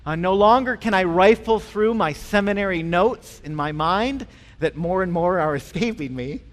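A male pastor preaching a sermon in a conversational way, with frequent pauses and restarts. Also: sits high. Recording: long reverb in a large hall.

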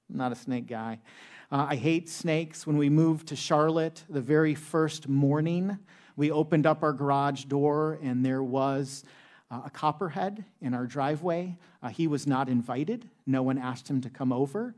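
A man's voice: fairly high pitch, a little mellow. A man in his thirties, a pastor preaching a sermon in a conversational, humorous way with many "uh" fillers.

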